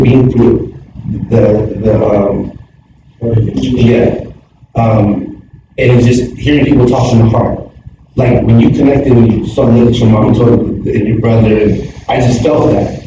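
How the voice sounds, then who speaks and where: Earnest man rambling heartfelt reflections. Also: mid-range voice. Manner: earnest and rambling, full of fillers. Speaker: church group member. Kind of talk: sharing personal reflections in a group. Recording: echoey room from far, dull sound, noisy.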